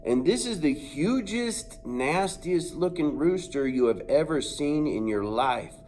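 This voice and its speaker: Animated man telling a wild story. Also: on the high side, measured pace, slight background noise. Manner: animated, acts out sounds and voices; dramatic, builds suspense. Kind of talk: comic personal anecdote.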